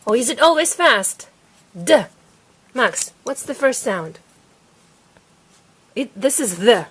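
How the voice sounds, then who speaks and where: High-voiced mother coaxing a child to read. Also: big pitch swings, a bit bright, a little hiss or hum. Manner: patient, coaxing, repeats sounds slowly. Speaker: parent teaching her child to read. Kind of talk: home reading lesson.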